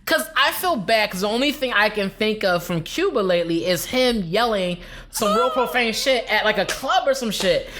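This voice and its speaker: A man co-hosting a casual podcast, talking in quick, slangy bursts and often breaking into laughter. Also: sits high, expressive, bright, forceful tone, slight background noise. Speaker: podcast co-host. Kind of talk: casual chat.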